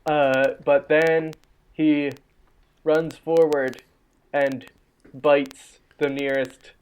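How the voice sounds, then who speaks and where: A man playing a tabletop game, calmly describing what his character does. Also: fairly high pitch, extremely slow, smooth, rough recording. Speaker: player.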